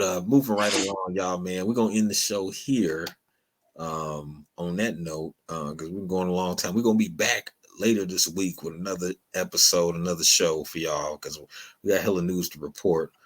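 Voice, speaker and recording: A man hosting a podcast, chatting casually and animatedly, with frequent laughs. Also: moderate pace. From Illinois, US. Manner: animated, acts out quotes in a higher voice, laughs often. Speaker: podcast host.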